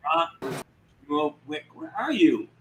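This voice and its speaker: A man's voice: a little high, sing-song, slow. A man hosting a live panel chat, joking and brash. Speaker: host. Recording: echoey room with crowd noise.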